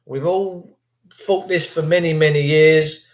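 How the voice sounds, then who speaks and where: A man's voice: fairly high pitch, steady tone, measured pace, echoey room. A British man hosting a livestream, ranting in a sarcastic, indignant and rambling way. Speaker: livestream host.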